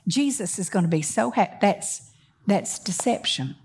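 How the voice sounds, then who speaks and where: Her voice medium-pitched, husky and expressive, a woman delivers a sermon that alternates emphatic, loud preaching with fast conversational asides. She often turns to the congregation with questions.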